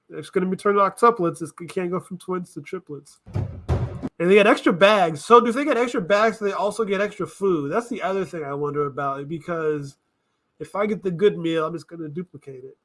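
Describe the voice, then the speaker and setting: A man riffing through casual reaction commentary with a voice pitched a little high. He thinks out loud, wanders off track and corrects himself as he goes. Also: moderate pace, soft background music. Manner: rambling, thinking aloud, self-correcting. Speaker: reaction video host.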